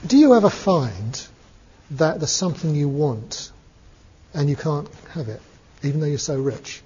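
A man doing a calm, matter-of-fact Buddha. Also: a little high, measured pace, slightly rough, exaggerated voice. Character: calm, gently teasing male Buddha. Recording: dull lo-fi recording, long reverb.

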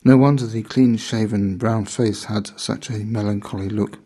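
A man reading a memoir aloud in measured, deliberate scripted narration. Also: on the low side, steady tone, mellow, slightly rough.

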